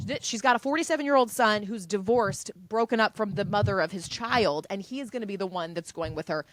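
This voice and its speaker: A woman's voice: mid-range voice, fairly quick, few pauses, no room sound. A woman co-hosting a comedy podcast, telling chatty stories in a casual chat and acting out what people said. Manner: chatty storyteller, acts out quotes. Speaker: podcast co-host. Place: home room.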